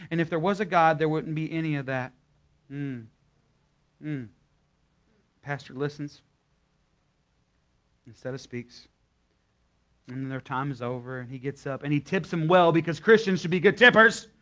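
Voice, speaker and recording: A man's voice: a little high, a bit bright. A young adult man preaching to his congregation in a folksy, conversational way, telling a story and then leading a prayer. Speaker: guest pastor. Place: church service before a live congregation.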